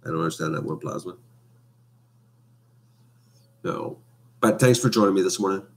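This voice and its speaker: A man's voice: low voice, normal speed, creaky, darkish tone. A man chatting casually on a home live stream, rambling and hesitant with many fillers. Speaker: vlogger. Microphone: webcam.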